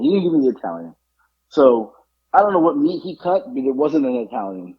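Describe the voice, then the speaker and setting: A man hosting a podcast, telling a story in an animated, exasperated way over dull lo-fi audio. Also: medium pitch, brisk, slightly rough. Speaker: podcast host. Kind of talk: casual chat, storytelling.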